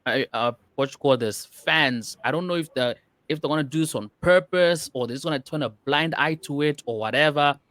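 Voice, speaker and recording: A man's voice: on the high side, a little fast, a bit bright, no room sound. A man co-hosting a football podcast in casual chat, rambling with lots of "you know" and restarts. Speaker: podcast co-host.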